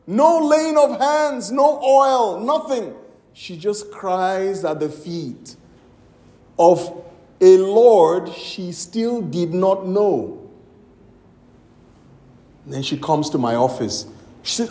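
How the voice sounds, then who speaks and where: A man's voice: high voice, animated, drawn-out words, pauses often, darkish tone, echoey room. A man preaching a sermon as pastor, telling a story with acted-out quotes and emphatic exclamations.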